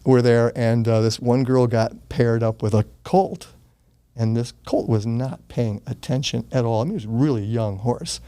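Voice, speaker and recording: An older man in his sixties speaks as an interview guest, warm and mellow in tone. He tells his story in a casual, earnest way, with the odd curse word. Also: medium pitch, normal speed, clean tone. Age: 60s. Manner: earnest, gets choked up, swears casually.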